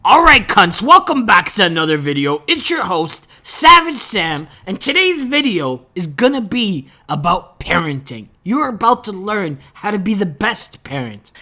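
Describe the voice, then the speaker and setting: A man's voice: high-pitched, bright, forceful tone. A young man hosting a comedy video, ranting in a brash, crude, mock-boastful way. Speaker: comedy vlogger. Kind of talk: profane comedic rant.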